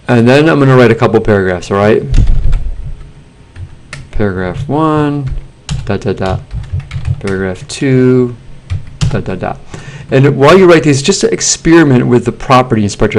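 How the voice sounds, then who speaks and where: A man, a teacher talking students through a software assignment in a relaxed screencast with plenty of fillers. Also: fairly low pitch, a little hiss or hum. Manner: relaxed, plain instructions with fillers.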